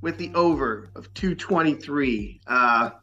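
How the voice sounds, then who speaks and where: Bright-voiced man co-hosting a betting podcast. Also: mid-range voice, expressive, unhurried, muffled recording, soft background music. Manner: easygoing, laughs along. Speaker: podcast co-host. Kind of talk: casual sports betting chat.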